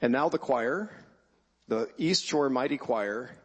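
A middle-aged man with a medium-pitched, animated voice and a breathy edge speaks at a measured pace. He gives a wry, emphatic personal speech at a choir event before introducing the choir, and the recording carries a long hall reverb.

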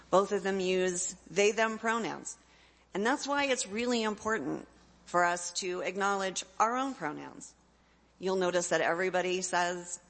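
A woman's voice: on the low side, creaky, fairly bright tone. A middle-aged woman, a parent, giving an earnest, heartfelt talk to an audience. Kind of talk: personal speech to an audience. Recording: long hall reverb.

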